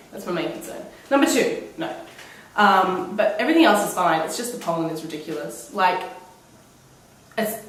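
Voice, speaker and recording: A woman's voice: lowish voice, slight background noise. A young woman vlogging at home while sick with a cold, coughing now and then, talking in a sarcastic, dramatic, rambling way. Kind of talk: casual vlog monologue. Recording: very echoey room, mic far off.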